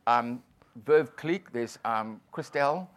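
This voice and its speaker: A man from New Zealand, a comedian, telling an anecdote on a panel in front of an audience, doing quick voices for the people in it. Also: mid-range voice. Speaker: guest comedian and author. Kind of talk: storytelling on a panel. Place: venue with live audience.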